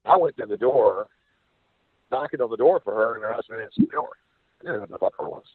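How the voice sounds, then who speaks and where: A man's voice: medium pitch, expressive, fast, slightly rough, dry recording. A man casually telling a rambling, profane story and acting out the quoted voices of the people in it. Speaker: podcast guest telling a story. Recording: dry phone-like sound.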